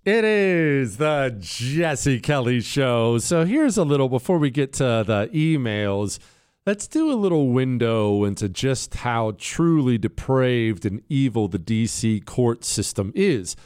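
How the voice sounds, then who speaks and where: A man's voice: unhurried, clear, resonant tone. Sarcastic, combative male talk radio host. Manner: lively pitch swings, stressing words. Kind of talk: opinionated political talk radio monologue.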